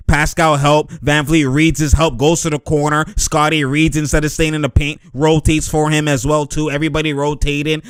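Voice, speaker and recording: A man giving excited, slang-heavy commentary over basketball highlights, laughing and hyping plays. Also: clean tone, no echo, clean studio sound. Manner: hyped slangy reactions, frequent laughter. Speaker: sports commentator.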